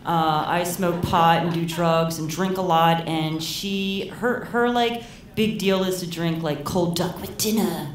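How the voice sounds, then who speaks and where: A woman tells a story live on stage in a loose, rambling way, her lowish voice carrying through a roomy hall. She sounds a little set back from the mic, with faint room ambience behind her. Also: fairly even intonation, measured pace, hardly any pauses, far from the mic. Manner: casual, rambling, heavy use of "like". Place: live storytelling event in a venue.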